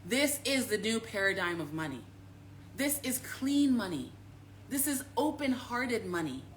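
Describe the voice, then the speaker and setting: A woman voicing calm spirit guides who speak slowly and soothingly. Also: fairly high pitch, slight background noise.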